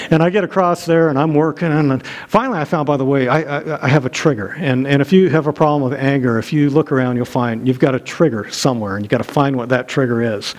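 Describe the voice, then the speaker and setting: Recorded in a church sanctuary, a middle-aged pastor preaches a sermon built around a personal story, told conversationally and self-deprecatingly with frequent restarts. His medium-pitched voice moves briskly, with few pauses.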